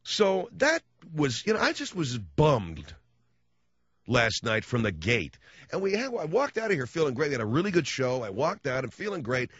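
Lively, sarcastic male radio host. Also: medium pitch, normal speed, breathy edge, no room sound, dull audio. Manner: animated, sarcastic storytelling with frequent restarts. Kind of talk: comic monologue rant.

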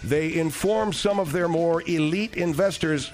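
A man's voice: on the high side, measured pace, a little mellow. A man hosting a radio talk show, telling rambling, digressive stories with frequent restarts.

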